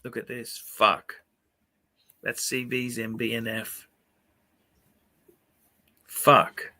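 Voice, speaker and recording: Swearing, excitable man, very bright. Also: medium pitch, drawn-out words. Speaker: livestream host. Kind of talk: casual livestream chat.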